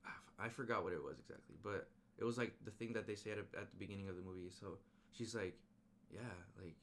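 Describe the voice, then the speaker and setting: Casual male movie reviewer, very low voice, chatty rambling recap, slangy delivery. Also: fast, slight background noise. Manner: rambling, animated retelling with slang and restarts.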